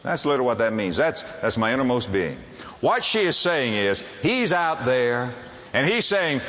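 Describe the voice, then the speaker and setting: A man preaching a sermon to a congregation, emphatic and quick to ask them rhetorical questions. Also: a little high, big pitch swings, a bit bright, in a large hall.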